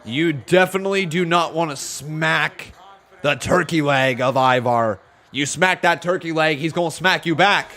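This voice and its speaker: Guy w a fairly high voice doing casual wrestling watch-along chat, gets loud and excited. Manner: excitable, chatty, shouts at big moments. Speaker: live stream host.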